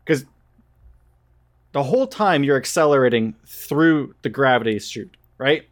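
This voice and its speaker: A man's voice: mid-range voice, expressive, unhurried. A man playing a tabletop game who eagerly lays out his plan at length, checking in with "right?" as he goes. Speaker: player.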